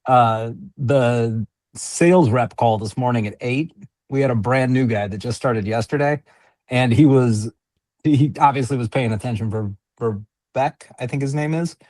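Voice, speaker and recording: Male participant, hesitant, polite, dry close sound, mid-pitched voice. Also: measured pace, a little mellow, no echo. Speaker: training participant. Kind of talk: casual remarks in a meeting.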